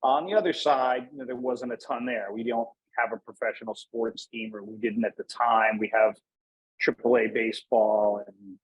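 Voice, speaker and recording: A man from Northeast Pennsylvania talks as a guest in a relaxed interview. His voice is a little husky, and his sentences wander and restart, padded with fillers. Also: mid-range voice, normal speed, lo-fi sound. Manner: rambling, many fillers and restarts. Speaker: podcast guest. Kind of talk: casual interview chat.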